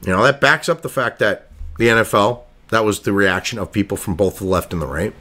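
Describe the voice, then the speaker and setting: A man's voice: on the low side, a little fast, bright, forceful tone. A man giving profane political commentary, ranting sarcastically and reading news excerpts aloud between crude asides.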